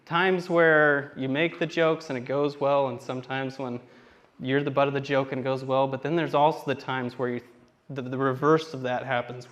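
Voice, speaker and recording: A man's voice: medium pitch, highs cut off. Rambling self-deprecating stand-up comedian man. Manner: rambling self-deprecating storytelling with acted-out quotes. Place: theater stage.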